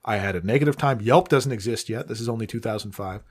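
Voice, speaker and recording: A man co-hosting a podcast in casual chat, making dry, deadpan jokes. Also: lowish voice, fast talker. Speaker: podcast co-host.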